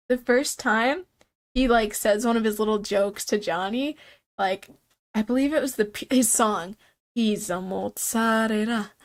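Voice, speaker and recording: Congested young woman chatting on stream. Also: mid-range voice. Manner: chatty, rambling, laughs often. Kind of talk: casual stream chat.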